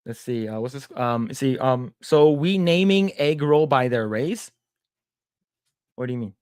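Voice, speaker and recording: A man's voice: medium pitch, expressive, measured pace, a little mellow, clear, resonant tone, no echo, clean studio sound. A man co-hosting a casual livestream, stammering and repeating words as he reads the chat aloud. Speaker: podcast co-host.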